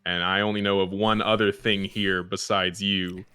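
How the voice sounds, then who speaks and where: A man playing a courteous, earnest adventurer, speaking formally and in measured phrases. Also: deep voice, level tone, bright, forceful tone, smooth.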